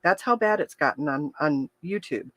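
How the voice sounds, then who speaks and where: A woman's voice: sits low, animated, normal speed, dry recording. A woman hosting a livestream as a health coach, talking candidly and chattily to her viewers, often restarting sentences and openly emotional, laughing through tears. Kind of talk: casual livestream talk to viewers.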